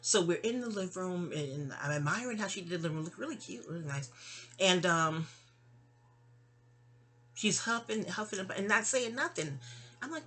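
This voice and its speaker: A woman's voice: fairly low pitch, animated, moderate pace, long pauses, a bit bright, faint music behind. Middle-aged woman vlogger, casual storytelling, rambling and digressive, recorded on a phone at home. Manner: rambling, digressive and chatty, with asides.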